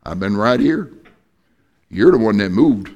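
A man's voice: on the low side, lively intonation, a little slow, a little mellow, muffled recording. A male preacher voicing an older preacher husband who answers his wife in a dry, matter-of-fact way. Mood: deadpan.

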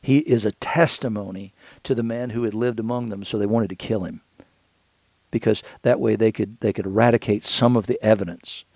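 A man's voice: on the low side, steady tone, fairly quick, a little mellow, no echo. A man teaching scripture in a conversational way, thinking aloud with frequent restarts and repeated words.

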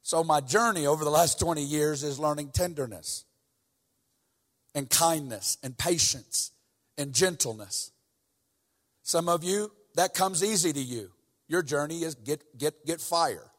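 A man preaching a sermon with intense, sing-song, shouting delivery that drops at times to soft, tender talk, quoting scripture and having the crowd repeat after him. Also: fairly high pitch, measured pace, in a large hall. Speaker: guest preacher.

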